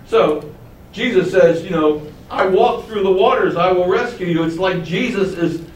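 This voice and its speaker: Male preacher, slightly high voice, chatty sermon with chuckles, echoey and off-mic. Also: normal speed, a little hiss or hum. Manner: conversational, chuckling asides. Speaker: preacher teaching the Bible. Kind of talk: sermon, Bible teaching. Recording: roomy and distant, faint ambience.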